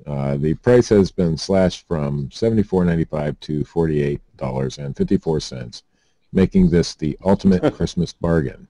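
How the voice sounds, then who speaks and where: Deep dark-voiced man reading with jokes. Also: animated, moderate pace, creaky, no room sound. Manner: reads items aloud with self-deprecating asides and stumbles. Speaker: podcast host reading news items. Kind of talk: comedic podcast reading.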